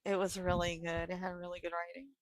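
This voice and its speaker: A woman co-hosts a casual live-stream chat from home, telling stories and swearing freely. She talks fast in a lowish, level voice. The audio is poor, coming through a live stream call mic with no room sound.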